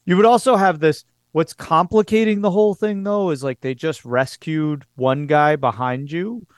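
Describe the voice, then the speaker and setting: Man, game master, tabletop game, smooth voice, quick easygoing talk. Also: on the high side, no room sound, studio quality. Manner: quick, easygoing, halting restarts.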